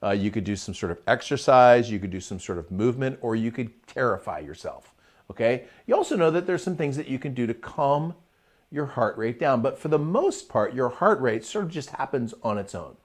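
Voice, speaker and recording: A middle-aged man talks energetically on a live stream, his pitch swinging widely as he builds up to a point and then drops back down. He sounds chatty and relaxed, breaking off to greet viewers in the chat. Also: fairly quick. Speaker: host of a live motivational show. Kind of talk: live-streamed motivational talk.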